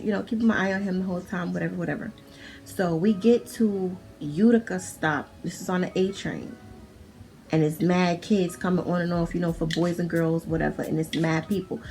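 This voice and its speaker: Chatty New York woman, swearing freely. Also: fairly low pitch. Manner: chatty, profane, lots of "like" and restarts. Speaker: vlogger. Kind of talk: casual storytime. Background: faint music.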